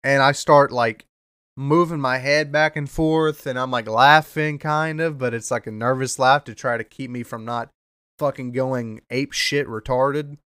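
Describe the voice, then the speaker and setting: A young man hosting a podcast, telling a story in a rambling, profane way, repeating himself and bursting into loud rants. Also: mid-range voice, steady tone, unhurried, smooth, dry recording, studio quality. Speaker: podcast host. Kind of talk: casual storytelling monologue.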